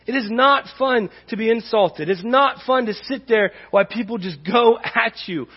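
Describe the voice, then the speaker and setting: Impassioned pastor preaching in a reverberant hall. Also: male voice, very high voice, normal speed, slightly rough. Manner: impassioned, rising to emphatic peaks, conversational asides. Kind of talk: sermon. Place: church sanctuary. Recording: dull reverberant church hall.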